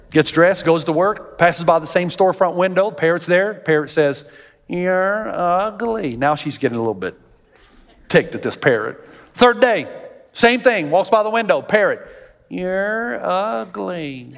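High-voiced pastor preaching in a reverberant hall. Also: male voice, moderate pace. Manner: animated, jokey storytelling, rising to near-shouts. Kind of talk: sermon.

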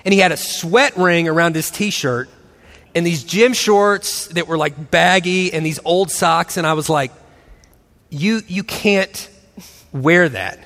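Animated high-voiced man in his forties. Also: measured pace, big-room sound. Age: 40s. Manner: animated storyteller, acts out quotes, laughs often. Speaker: pastor co-host of a marriage and parenting session. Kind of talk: storytelling talk to an audience.

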